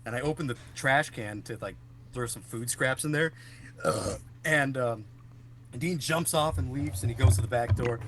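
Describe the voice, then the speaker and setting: A man's voice: mid-range voice, moderate pace, slight background noise. A young man co-hosting a podcast, telling stories in casual chat, laughing often and swearing. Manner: animated storyteller who laughs often and swears. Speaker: podcast co-host.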